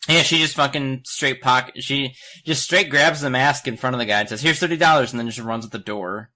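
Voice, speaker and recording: Bright, lively young male podcaster. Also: medium pitch, a little fast. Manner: animated, profane, acts out quotes. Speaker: podcast co-host. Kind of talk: casual comedic recap chat.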